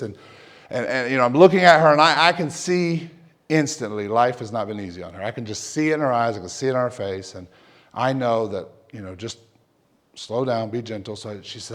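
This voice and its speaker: A middle-aged male pastor telling a personal story in a sermon, lively at times and dropping to a soft hush when he prays. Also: medium pitch, moderate pace. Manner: animated storyteller, drops to a soft hush for prayer.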